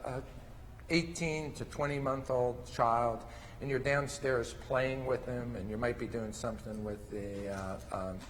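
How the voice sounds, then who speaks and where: A man's voice: medium pitch, fairly even intonation, measured pace, long reverb tail, a little hiss or hum. A man presenting a conference session, explaining step by step as he demonstrates with toys. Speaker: conference presenter on mand training. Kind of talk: lecture with live demonstration.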